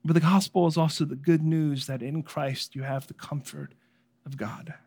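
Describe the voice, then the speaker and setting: A man preaching a sermon, emphatic and rhythmic, building lists of phrases and swinging from loud, high passages to hushed ones. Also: fairly even intonation, normal speed, slightly rough.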